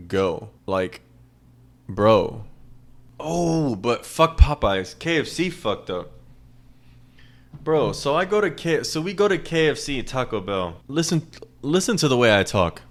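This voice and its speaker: A man's voice: medium pitch, expressive, slow. A man hosting a casual solo podcast, ranting in a profane, rambling way and repeating lines for emphasis. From American South. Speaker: podcast host.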